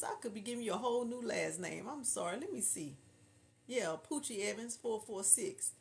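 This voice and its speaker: A woman's voice: fairly high pitch, vocal fry, slight background noise. A woman from Houston with a Southern drawl, hosting a casual livestream, chatting and reading viewer comments aloud. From Houston, Texas. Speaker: livestream host reading chat. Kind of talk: casual chat.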